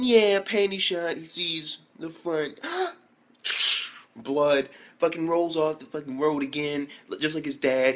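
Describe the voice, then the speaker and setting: A young man recapping an anime episode in casual slang, excitable and full of swearing and fillers. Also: fairly high pitch. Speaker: anime reviewer.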